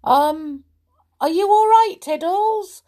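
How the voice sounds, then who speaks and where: A woman's voice: fairly high pitch, expressive, a little slow, a bit bright, pitched above the performer's own voice. A woman voicing an eager young boy toy who calls out in a storybook. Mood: worried. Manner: eager, calling out.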